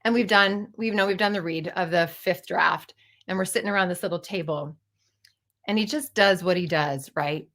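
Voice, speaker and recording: A woman's voice: fairly low pitch, normal speed, a bit bright. A woman in her fifties telling a personal story in a candid, digressive way, swearing casually as she goes. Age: 50s. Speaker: storyteller and playwright.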